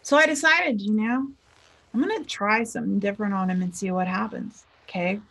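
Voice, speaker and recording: A woman's voice: medium pitch, a little fast, creaky. A woman giving a casual motivational talk as a life coach, chatty and acting out the people she quotes. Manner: chatty, acts out quoted people in lively voices. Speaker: spiritual teacher and life coach.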